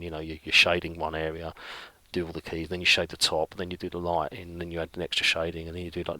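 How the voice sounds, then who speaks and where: A middle-aged man talks an illustration vlog through in a very low voice, musing aloud and filling gaps with ums and restarts. The sound is dry and close, with no room echo around him. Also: sharp tone. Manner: rambling, thinking aloud with many fillers. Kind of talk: casual narration while drawing.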